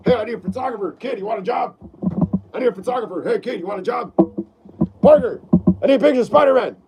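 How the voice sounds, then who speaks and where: A man doing an impression of a gruff newspaper editor who barks rapid, demanding shouts. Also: extremely high pitch, expressive, highs cut off, noisy background, full character voice. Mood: barking orders.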